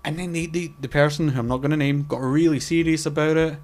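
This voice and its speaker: On a casual podcast, this co-host talks fast in a steady, darkish, somewhat high voice. He swears through his story, acting out each quoted exchange on both sides, and keeps restarting and using fillers.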